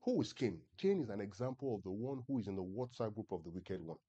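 At a church service, a male pastor preaches with a lowish, warm and husky voice, talking fast and animatedly over dull audio. He keeps checking that the congregation is following and leads them in reading scripture aloud together.

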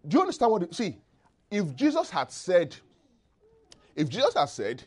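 A male preacher delivering a sermon with a voice that swoops up and down, full of expressive rises and falls. He keeps checking in with his listeners and leaves gaps in the verses for them to call back the missing word. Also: high-pitched, normal speed, long pauses, slightly rough. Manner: call-and-response, asks congregation to finish verses.

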